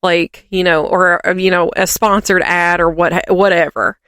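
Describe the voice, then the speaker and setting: A woman's voice: on the low side, fairly even intonation, moderate pace, a bit bright, clean tone, dry recording, clean studio sound. A woman co-hosting a podcast, rambling and ranting in casual chat with lots of fillers. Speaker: podcast co-host.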